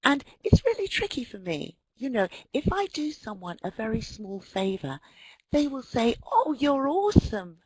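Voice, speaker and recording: British woman, webinar presenter, husky voice, very animated pitch, dry close sound. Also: normal speed, no room sound, rough recording. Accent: British English. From Britain. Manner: animated, mimics quoted voices. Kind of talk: lively lecture with acted-out dialogues.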